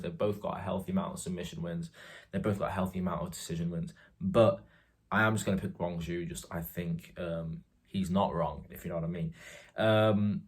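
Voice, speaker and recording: A young man giving casual fight predictions in a rambling, forgetful way, often stopping to correct himself. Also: on the low side.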